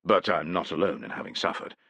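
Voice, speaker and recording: A man voicing a guarded, ambitious male war leader with a measured, courteous tone in an audiobook. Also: sits low, expressive, vocal fry, bright, forceful tone, husky, dry recording, exaggerated voice. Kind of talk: audiobook character voice.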